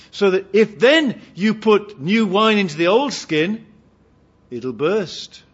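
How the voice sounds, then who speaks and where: Animated, husky-voiced male preacher. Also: high-pitched, slow, dull audio. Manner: humorous, asks the congregation questions. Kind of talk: sermon.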